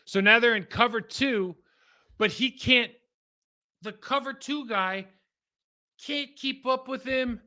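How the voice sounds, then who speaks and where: A man's voice: very high voice, slow pace, pauses often, pushed and bright. A man casually breaking down football game film, talking in a rambling, conversational way that trails off and restarts.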